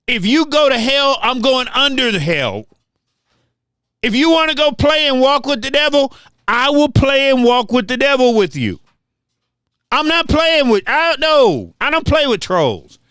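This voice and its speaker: A man's voice: extremely high pitch, sing-song, measured pace, fairly bright tone, smooth, dry recording, studio quality. An older man hosting a livestream, ranting casually and trash-talking viewers, often repeating his words. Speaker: livestream host.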